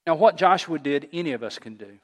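A man preaching a sermon as a pastor, earnest, rising to loud call-and-response with his congregation. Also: a little high, animated, brisk, in a large hall. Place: church sanctuary.

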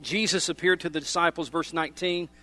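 A middle-aged man preaching a sermon as a pastor, emphatic, swinging between loud stresses and hushed, drawn-out phrases. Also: a little high, steady tone.

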